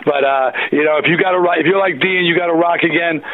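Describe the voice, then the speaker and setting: A man guesting on an interview, telling stories in a lively, animated way and plugging his new record. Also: on the high side, quick pace, no room sound. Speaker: guest musician. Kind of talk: casual interview chat. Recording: tinny phone line.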